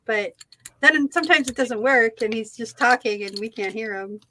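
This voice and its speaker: A woman's voice: on the high side, normal speed, a little hiss or hum. A woman co-hosting an art live stream, chatting casually and wryly as she paints. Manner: chatty, wry, with quiet asides. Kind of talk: casual chat while painting.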